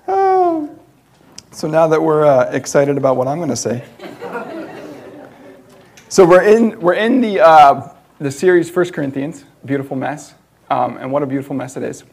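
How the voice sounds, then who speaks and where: Man, informal sermon, chatty, laughs often, fillers, slightly raised pitch. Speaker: preacher.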